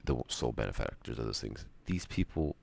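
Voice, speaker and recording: A man with an extremely low, gravelly voice rambles through a stream monologue. He rants and muses, trailing off into long pauses between thoughts. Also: sing-song, a little mellow. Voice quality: very deep gravelly voice. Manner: ranting, musing, drawn-out pauses.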